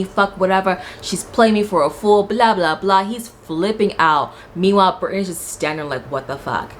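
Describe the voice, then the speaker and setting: A young woman with a low voice talks through a reality show in a casual vlog. She is blunt and swears freely, acting out what the people said. Faint background noise sits under the voice. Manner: animated, blunt and profane, acts out quotes. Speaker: reality TV reviewer.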